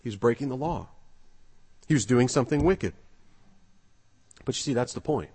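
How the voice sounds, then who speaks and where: A man's voice: medium pitch, animated, normal speed, darkish tone, slightly rough. A man preaching a sermon in a conversational, earnest way, telling a story with occasional fillers. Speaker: pastor. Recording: long reverb of a large hall.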